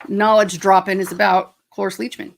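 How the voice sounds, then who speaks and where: A woman co-hosts a relaxed live chat, her voice carrying a gravelly edge. She talks in a chatty, teasing way and drops quick asides as she goes. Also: medium pitch. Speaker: co-host, teacher. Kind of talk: casual chat.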